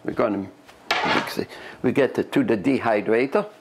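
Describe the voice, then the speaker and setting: A man's voice: medium pitch, moderate pace, background noise. A man from Europe, a chef, chatting step by step through a cooking demonstration in a kitchen and often repeating his words.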